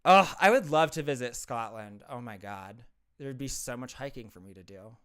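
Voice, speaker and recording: A man's voice: mid-range voice, lively intonation, normal speed, a bit bright, clean tone. A man with a Midwestern American accent from southern Ohio, chatting casually on a live stream, rambling and laughing often as he answers viewers. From southern Ohio, USA.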